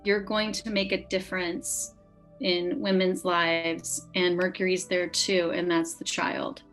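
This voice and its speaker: A woman's voice: on the low side, level tone, slow pace, fairly bright tone, soft background music, low-quality recording. A woman astrologer reading a birth chart, speaking in an earnest, encouraging way.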